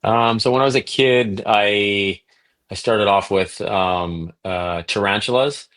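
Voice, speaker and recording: Deep-voiced man telling stories on a podcast. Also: slow pace. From Canada. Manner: animated storyteller, acts out quotes. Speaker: guest, reptile breeder. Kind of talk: casual podcast storytelling.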